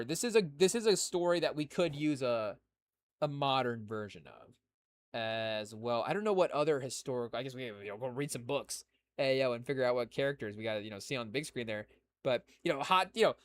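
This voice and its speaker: A man's voice: on the high side, no room sound. A man hosting a podcast, chatting on his own in a rambling way with lots of fillers and restarts, talking to his live chat. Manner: talks to a live chat audience. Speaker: podcast host. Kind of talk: casual solo chat.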